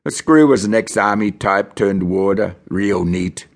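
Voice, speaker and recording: A man from Australia reads a novel aloud in the first person, measured and grim. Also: on the low side, creaky. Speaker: audiobook narrator.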